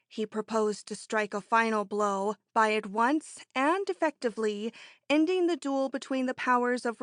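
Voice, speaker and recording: Reading a scripted audiobook, a woman tells the story in a steady, measured manner. Her voice sits on the high side, and the studio-quality recording is dry.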